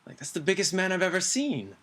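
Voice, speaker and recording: A man hosting a casual podcast, rambling and excitable, acting out the scenes he retells. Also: quick pace. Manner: excitable, acts out scenes with sudden jumps in pitch; rambling, many fillers. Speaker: podcast host. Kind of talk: casual TV recap chat.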